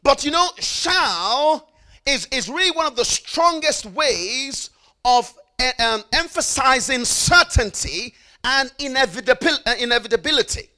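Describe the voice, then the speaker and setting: High-voiced, bright preaching man. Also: expressive. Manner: emphatic, repeats phrases with call-and-response prompts; slows down for stressed phrases, rushes through asides. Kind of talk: sermon.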